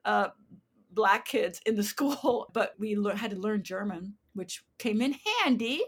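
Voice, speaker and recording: A woman in her sixties from the United States, a playwright telling animated stories in an interview and acting out voices as she goes. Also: medium pitch, measured pace, slightly rough. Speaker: playwright guest. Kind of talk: interview storytelling.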